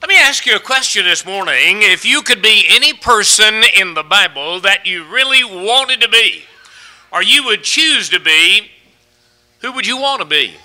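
A man's voice: high voice, expressive, moderate pace, sharp tone, rough recording. A man preaching a folksy sermon, asking his congregation question after question and stretching out the key words. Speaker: pastor.

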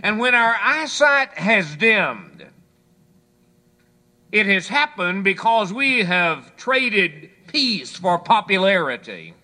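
A man preaching a sermon, telling folksy stories and quoting scripture, dropping low for quiet asides. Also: big pitch swings, slow. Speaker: pastor.

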